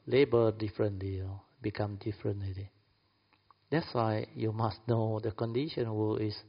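A man with a Malaysian English accent gives a sermon to an audience. He is playful, laughs often and acts out little quoted dialogues. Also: fairly low pitch. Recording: echoey hall, dull lo-fi sound.

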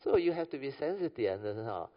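A man's voice: mid-range voice, sing-song, quick pace. Malaysian man giving a chatty dharma talk. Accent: Malaysian English. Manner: conversational, keeps asking "understand or not?". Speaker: Buddhist dharma speaker. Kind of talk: informal dharma talk with stories. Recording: echoey hall, dull lo-fi sound.

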